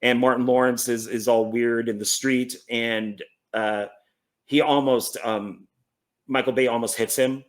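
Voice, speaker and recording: Man, casual collection vlog, rambling, self-correcting, mid-pitched voice. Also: unhurried. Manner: rambling, self-correcting, stumbles over names; relaxed, enthusiastic about films. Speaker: movie collector.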